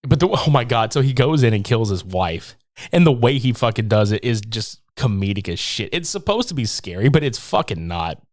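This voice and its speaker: A man chatting on a podcast about a film, swinging his pitch widely as he tells the story. He swears freely and laughs often, and he slips into little voices for quoted lines. The sound is dry and close. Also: very animated, moderate pace, dry recording. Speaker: podcast co-host. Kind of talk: casual movie review chat.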